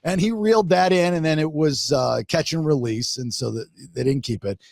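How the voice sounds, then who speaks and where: A middle-aged man hosting a podcast, telling a fishing story in a casual, animated way with many restarts. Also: a little high, normal speed, gravelly, dry recording. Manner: animated, restarts a lot, acts out shark growls. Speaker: podcast host.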